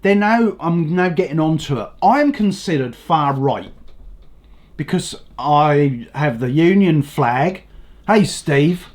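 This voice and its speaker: An older man, a bit hoarse, ranting bluntly about politics and swearing often. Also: on the high side, lively intonation, slow. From England. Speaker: vlogger.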